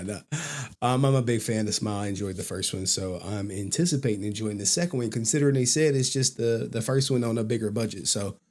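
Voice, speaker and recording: A man's voice: medium pitch, darkish tone. Laughing, joking male streamer. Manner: loose and joking, repeats phrases, laughs often, crude slang. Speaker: stream host and commentator. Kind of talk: casual live-stream commentary.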